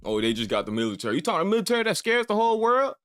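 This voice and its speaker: High-voiced man ranting in a reaction video. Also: racing, clear, resonant tone. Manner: ranting, calls listener "gang" and "boy" again and again; animated, mock-scolding. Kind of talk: casual reaction commentary.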